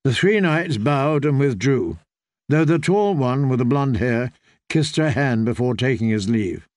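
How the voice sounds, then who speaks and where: A man narrating a fantasy novel in a measured storytelling manner. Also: medium pitch, lively intonation, darkish tone, dry recording, studio quality. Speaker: audiobook narrator.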